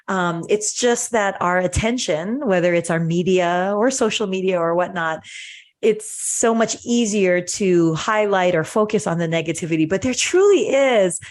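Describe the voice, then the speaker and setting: A woman's voice: on the low side, moderate pace. A woman hosting a podcast in casual chat, earnest and gushing, often restarting her sentences. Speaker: podcast host.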